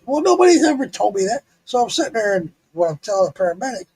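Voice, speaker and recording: A man's voice: sits high, fast talker, husky. A middle-aged man streaming live, telling a story in a casual, profane way, laughing often. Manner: profane, laughing, animated retelling.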